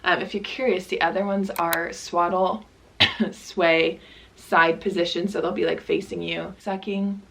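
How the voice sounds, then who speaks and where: A young woman with a hoarse, dry throat chatting casually to camera at home about baby gear, keeping her voice down. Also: fairly even intonation, unhurried, slight background noise. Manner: chatty, apologetic, lowers voice to stay quiet. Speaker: parenting vlogger. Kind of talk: casual vlog talk to camera. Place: at home indoors.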